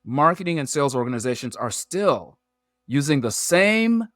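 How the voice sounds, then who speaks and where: A man, a podcast guest who explains his points through lively analogies and metaphors. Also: on the high side, moderate pace, no room sound, clean studio sound. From Nigeria. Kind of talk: animated storytelling in an interview.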